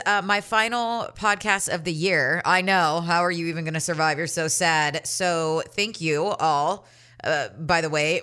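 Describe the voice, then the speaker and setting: A woman's voice: fairly low pitch, pushed and bright. A woman hosting a solo podcast, nasal and stuffy from allergies, ranting in a profane, sarcastic, rambling way. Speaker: podcast host.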